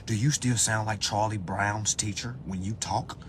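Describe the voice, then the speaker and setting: A man hosting a live phone stream in a profane rant, dropping to low muttering and then bursting into loud, high-pitched shouts. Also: fairly even intonation, moderate pace. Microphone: phone on a social live stream.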